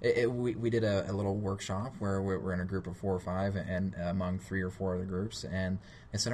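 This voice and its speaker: Deep-voiced young man, modest and halting. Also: expressive, darkish tone, slight background noise. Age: young adult. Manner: modest and halting, laughs at himself. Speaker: student intern, guest. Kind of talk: casual interview answers.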